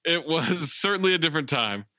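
A man's voice: a little high, animated, brisk, pushed and bright, no echo, muffled recording. A man co-hosting a podcast, recapping a film's plot in casual chat and quoting its lines. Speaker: podcast co-host.

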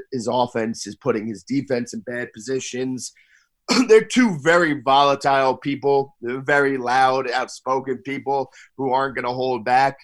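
A man's voice: medium pitch, dry recording. A man casually analyzing sports coaching drama in a speculative, conversational way.

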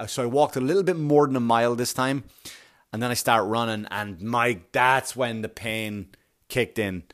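A man tells a long story in a casual monologue with a mid-range voice. He is animated and self-mocking and swears freely. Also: mid-range voice.

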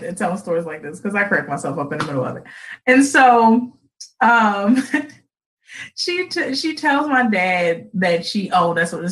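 A woman's voice: medium pitch, a bit bright, rough recording. A woman hosting a casual live stream, telling a funny family story to her viewers, laughing often.

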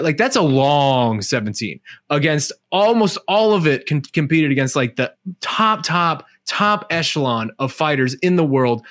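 A man's voice: on the high side, no room sound, clean studio sound. A man on a sports talk panel, talking animatedly and emphatically, with lots of "like". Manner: animated, emphatic, heavy use of "like". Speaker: podcast panelist. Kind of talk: casual sports chat.

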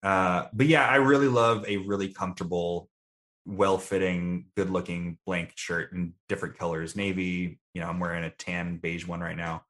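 A man's voice: sits low, steady tone, moderate pace, fairly bright tone. A young adult man answering interview questions in a casual, thoughtful, self-deprecating way. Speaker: guest.

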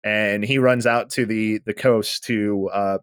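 A man co-hosting a podcast, casually recapping a manga and acting out the characters' lines with lively energy. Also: fairly low pitch, slow pace, clean tone, dry recording, clean studio sound. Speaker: podcast co-host.

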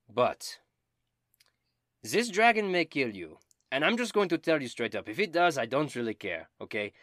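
Pompous bard, put on by a man: formal, scheming, lively, dry close sound. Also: medium pitch, dry recording, voice pushed up, close to an everyday voice. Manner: formal, self-important, excitable. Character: scheming male bard, polite and ambitious.

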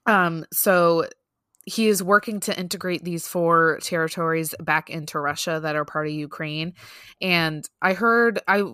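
A woman co-hosting a podcast in a relaxed, chatty way, leaning on fillers as she goes. Her voice sits a little low but sounds bright and forward. The sound is dry and close. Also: measured pace, smooth, no room sound. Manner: chatty, laughs often, loose fillers. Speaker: podcast co-host. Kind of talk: casual news chat.

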